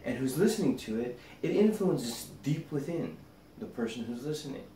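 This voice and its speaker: A man, a rabbi, teaching a meditation by gently telling a parable. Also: medium pitch, animated, normal speed. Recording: roomy echo, distant mic, faint noise.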